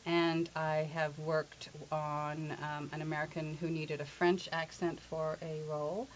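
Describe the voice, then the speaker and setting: A middle-aged woman from England speaks as an accent coach, shifting between explanation and playful spoken demonstrations. Her voice sits a little low and she teases her interviewer. The recording sounds dull and lo-fi. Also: level tone, a little slow, a little hiss or hum.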